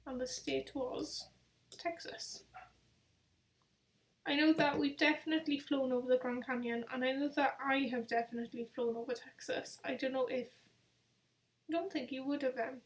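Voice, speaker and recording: A woman's voice: high-pitched, fairly even intonation, fairly quick. A young woman hosting a casual live travel quiz, chatty and rambling, with self-deprecating asides. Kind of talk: casual live-stream chat.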